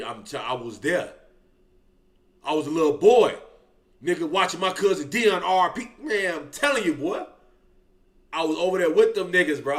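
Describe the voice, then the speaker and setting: A lively man with a bright, forceful voice that swings up and down a lot. He hosts a reaction video and tells stories in loose, profane street slang, drawing out "boy" at the ends of his lines. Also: fairly high pitch. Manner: animated, slangy, drawls 'boy' at line ends. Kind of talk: casual profane storytelling.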